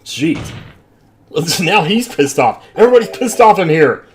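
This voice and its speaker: A man's voice: fairly high pitch, big pitch swings, unhurried, a little hiss or hum. A man hosting a let's play, joking through casual game commentary. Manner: joking, laughing asides.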